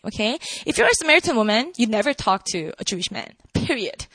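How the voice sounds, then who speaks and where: A woman preaching a casual, conversational sermon, animated and full of asides to the congregation. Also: fairly high pitch, fast talker, few pauses, dry recording.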